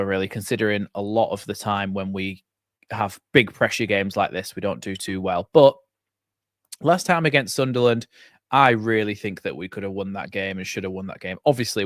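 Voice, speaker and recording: Chatty male streamer, lowish voice, dry close desk mic, rambling and casual. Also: no room sound. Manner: chatty, rambling with fillers and restarts. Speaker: football fan channel host. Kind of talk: live watchalong chat. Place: home setup at a computer. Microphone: desk microphone.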